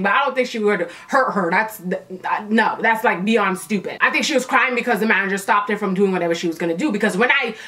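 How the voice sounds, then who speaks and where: High, bright-voiced woman telling a story. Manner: animated, emphatic, repeats phrases for effect. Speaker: YouTuber telling a work story. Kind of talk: casual storytime vlog.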